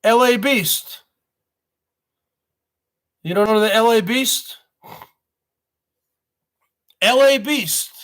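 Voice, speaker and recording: Male livestream host, high voice, slow delivery, repetitive rhetorical questions. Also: a bit bright. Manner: addresses audience as folks. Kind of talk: rambling live-stream monologue.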